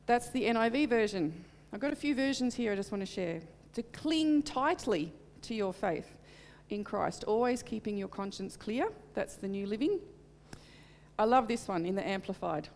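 A woman's voice: medium pitch, expressive, normal speed, a little mellow, long reverb tail, a little hiss or hum. A middle-aged woman preaching in church, telling a personal testimony in an earnest, heartfelt way. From Australia. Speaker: church speaker.

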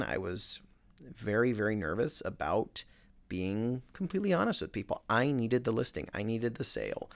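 Gravelly-voiced man telling a story. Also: on the low side. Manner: animated, self-mocking, with many fillers and restarts. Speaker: real estate agent. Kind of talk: casual storytelling.

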